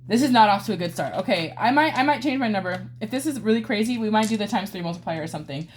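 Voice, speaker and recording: A woman's voice: mid-range voice, lively intonation, very fast. A woman hosting a casual budgeting vlog, chatting through dice-roll savings games with playful groans and cheers. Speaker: budgeting channel host.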